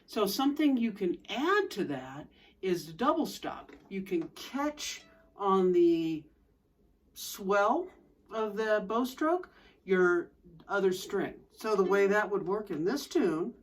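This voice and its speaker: A woman's voice: mid-range voice, expressive, takes it slowly. A woman fiddle teacher explaining bowing techniques step by step in an instructional lesson, with fiddle playing between her explanations.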